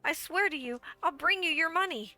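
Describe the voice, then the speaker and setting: A man's voice: extremely high pitch, animated, normal speed, pushed and bright, faint music behind, exaggerated voice. A man voicing a desperate debtor begging for mercy in a game, in a pleading, panicked way. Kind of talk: game voice acting.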